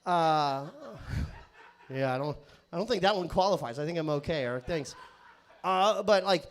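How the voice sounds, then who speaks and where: A man doing a crude, rambling stand-up set on a comedy club stage, sometimes bursting into shouting. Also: fairly high pitch, moderate pace. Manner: crude, rambling, self-interrupting.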